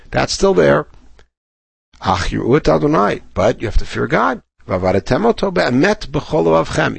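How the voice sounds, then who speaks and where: Gravelly-voiced man teaching a text. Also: on the high side, no echo. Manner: explanatory, reads Hebrew verses then translates. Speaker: Bible teacher. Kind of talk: recorded Torah lesson.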